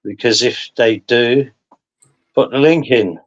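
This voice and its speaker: Rambling stream host. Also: male voice, medium pitch, slow, muffled recording. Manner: rambling, laughs through his stories. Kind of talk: casual chat.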